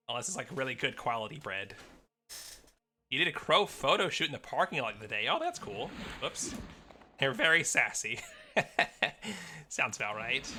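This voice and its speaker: An American man live-streams a game, chatting with viewers in a rambling, easygoing way and answering chat as he plays. His mid-range voice sounds pushed and bright, and he mutters asides to himself along the way.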